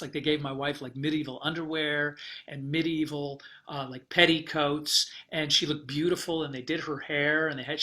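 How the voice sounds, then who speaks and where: A man being interviewed as a guest travel writer, telling a story in an animated, rambling way with fillers and restarts. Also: on the high side.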